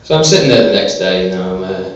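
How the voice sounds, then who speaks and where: A man performing a stand-up comedy set on a small club stage, delivering deadpan one-liners with hesitant fillers. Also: deep voice, quick pace. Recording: echoey, distant, dull live club recording.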